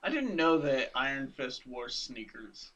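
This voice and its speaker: A man's voice: medium pitch, very animated, measured pace, fairly bright tone, dull audio. A man co-hosting a podcast, chiming in with short remarks in casual group chat. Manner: short interjections, chuckling. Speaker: podcast co-host.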